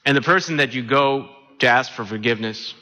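A man preaching a sermon, animated and often asking his listeners questions. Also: medium pitch, a little fast. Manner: animated, asks the congregation questions. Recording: long hall reverb.

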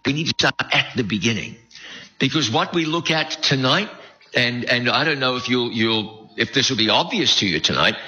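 A man's voice: mid-range voice, sharp tone. A man in his fifties with a faded New Zealand accent, preaching a folksy, joking, self-deprecating sermon with frequent restarts. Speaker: preacher leading a Bible study series. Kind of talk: conversational sermon. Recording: dull lo-fi recording.

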